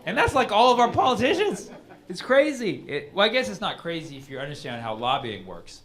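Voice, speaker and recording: A man's voice: high voice, very animated, a little fast, heavy background noise. A male stand-up comedian on a club stage, talking in a rambling, conversational way full of "like" and "man". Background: audience laughter.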